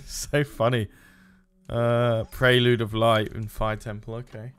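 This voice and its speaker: Male streamer, mid-pitched, muttering casual play-by-play with frequent swearing, faint game music behind. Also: flat delivery, measured pace, clear, resonant tone. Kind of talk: casual gameplay commentary.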